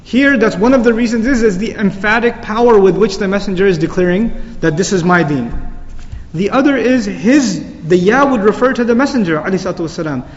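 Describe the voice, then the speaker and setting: A man's voice: sits high, animated, fairly quick. A man teaching a Quran lecture, explaining Arabic words and reciting verses, recorded lo-fi in a reverberant hall.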